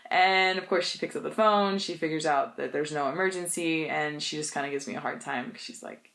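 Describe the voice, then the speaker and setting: A young woman with a slightly low voice tells funny stories in a casual vlog. She is chatty and animated, and she laughs often. English is her first language. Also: a little fast, creaky, few pauses. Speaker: vlogger.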